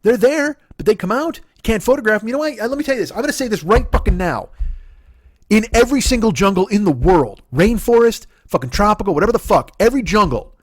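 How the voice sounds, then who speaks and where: A middle-aged male comedian rants fast and high, his pitch leaping all over as he argues with himself in a rambling, profane stream. The sound is dry and close, with no room echo. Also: expressive, husky. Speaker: comedian and podcast host. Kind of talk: solo comedic rant. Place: at home.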